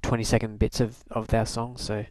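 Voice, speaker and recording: A man's voice: lowish voice, level tone, moderate pace, a little mellow, no echo. A young man from Canada telling a rambling, wry diary-style story, full of fillers and restarts. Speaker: video blogger. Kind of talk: casual rambling diary talk.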